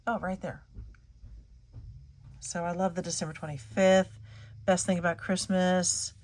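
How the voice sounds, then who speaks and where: A woman's voice: fairly low pitch, little pitch movement, measured pace, a little mellow. Chatty woman gushing over paper. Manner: chatty, gushing, trails off mid-sentence. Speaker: scrapbooking channel host. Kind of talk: casual show-and-tell chat.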